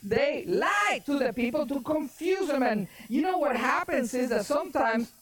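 A woman's voice: sits high, animated, normal speed, hardly any pauses. A woman pastor preaching a sermon, emphatic and often raising her voice for stress, with casual folksy asides.

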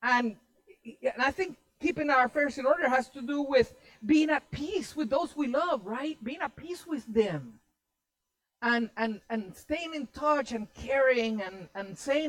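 A pastor delivering a sermon to a congregation, animated and conversational. The preacher repeats key lines for emphasis and speaks at a middling pitch. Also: measured pace, poor audio.

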